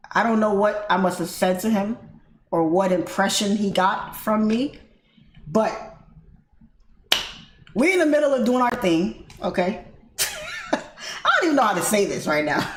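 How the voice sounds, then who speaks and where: An American woman hosting a livestream, casually telling a story to her viewers in an animated way, laughing often and calling them guys. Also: mid-range voice, normal speed, pauses often. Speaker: livestream host. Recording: echoey room with faint noise.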